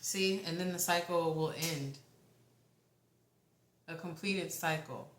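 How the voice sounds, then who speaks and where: A woman's voice: fairly low pitch, a little hiss or hum. Rambling woman reading tarot, echoey room. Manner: rambling, halting, with casual swearing. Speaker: tarot reader. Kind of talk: casual tarot reading monologue.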